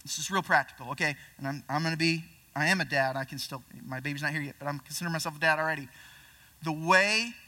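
A young male pastor preaches casually, with a high, very bright and forceful voice. He reads scripture and then explains it plainly, sometimes putting on voices for people in the story. He sounds a little distant from the mic. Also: fast talker. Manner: conversational preaching, acts out voices of disciples. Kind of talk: sermon.

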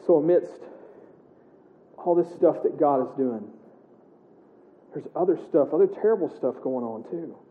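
A man preaching a sermon in a casual, animated way, acting out the scripture he reads aloud. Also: on the high side, a little slow, long pauses. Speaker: pastor. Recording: echoey room heard over a tinny narrow line.

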